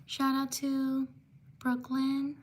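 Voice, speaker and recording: Slow, high-voiced woman livestreamer. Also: completely flat delivery. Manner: slow and careful reading names, apologizing quickly. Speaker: livestream host. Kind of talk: live stream shout-outs to viewers.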